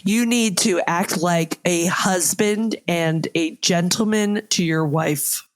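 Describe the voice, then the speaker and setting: A woman's voice: on the low side, slow pace. A woman playing a fed-up wife in an improv comedy scene, scolding and exasperated.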